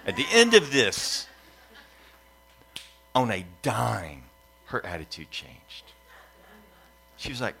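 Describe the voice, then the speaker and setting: Bright-voiced man preaching a sermon. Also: medium pitch, unhurried, gravelly, long pauses, slight background noise. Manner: animated storyteller, acts out family voices; repetitive preaching cadence, builds in lists. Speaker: pastor. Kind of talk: sermon with personal story.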